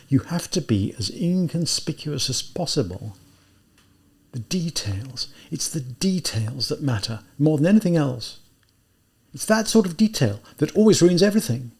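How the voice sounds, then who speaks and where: A man's voice: on the high side, gravelly, darkish tone, slightly rough, exaggerated voice. A man voicing a jittery young man muttering. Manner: nervous muttering, dropping to whispers. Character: anxious impoverished young male student muttering to himself.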